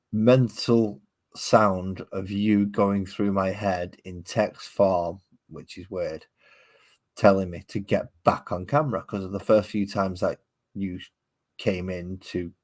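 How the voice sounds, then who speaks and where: A man streaming himself painting miniatures at his home hobby desk, rambling casually to his chat viewers. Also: deep voice.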